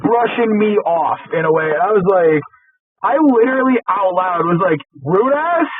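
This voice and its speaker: In a casual storytelling chat, a male podcast co-host angrily recounts a work incident, swearing, stumbling over words and restarting. His high voice moves at normal speed over a noisy background, with tinny, phone-like lo-fi sound.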